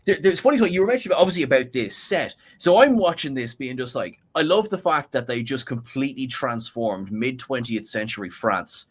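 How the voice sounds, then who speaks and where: A man's voice: mid-range voice, lively intonation, brisk, few pauses, husky. A man with an Irish accent, a guest co-host in a casual podcast chat who rambles with many restarts and asides.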